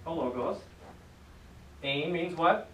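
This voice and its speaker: A man teaching a class, upbeat, with a slightly high voice. He drills his students with call and response. He is recorded from across an echoey classroom, with faint noise in the background. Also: slow, pushed and bright, far from the mic. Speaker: Greek teacher. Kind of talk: classroom lesson.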